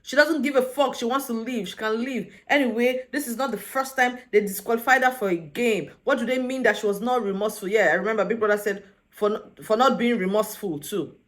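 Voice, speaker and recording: A woman's voice: a little high, fairly quick. Sassy woman recapping drama. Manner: sassy, exasperated, acts out quotes. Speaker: reality show recap vlogger. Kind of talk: casual opinionated recap commentary.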